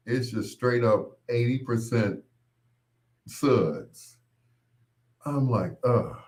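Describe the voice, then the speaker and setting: A man hosting his own show, telling rambling casual stories with laughs and quick mimicked voices of others. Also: medium pitch, darkish tone. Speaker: podcast host. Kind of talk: casual storytelling monologue.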